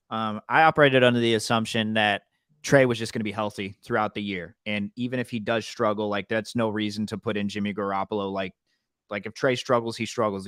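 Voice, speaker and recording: A man's voice: on the low side, fairly bright tone, smooth, no echo, studio quality. A man co-hosting a casual sports podcast, loose and conversational, who leans on "like" a lot. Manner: loose and conversational, heavy use of "like". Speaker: podcast co-host.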